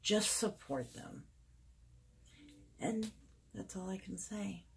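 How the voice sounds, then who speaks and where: A woman in her forties talking to camera in a personal vlog, soft and confiding. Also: mid-range voice, takes it slowly, creaky, a little hiss or hum. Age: 40s. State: out of breath. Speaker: beauty vlogger.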